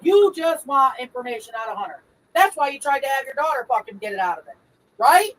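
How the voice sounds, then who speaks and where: Woman, high pitch, insistent, profane, defensive livestream talk. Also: expressive, fast talker, fairly bright tone, poor audio.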